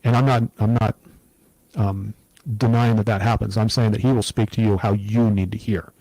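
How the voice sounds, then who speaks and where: A middle-aged man speaks in an earnest, reflective way, recounting hard times as an interview guest. His voice is dark and mellow, recorded close and dry with no room sound. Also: fairly low pitch, normal speed, no room sound, poor audio. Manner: earnest, reflective, steady storytelling. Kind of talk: personal testimony in an interview.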